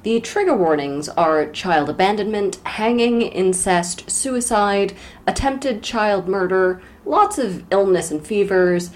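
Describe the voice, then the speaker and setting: A woman's voice: medium pitch, takes it slowly, darkish tone. A woman co-hosting a podcast who chats casually about a novel with wry, joking asides. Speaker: podcast co-host. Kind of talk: casual book discussion.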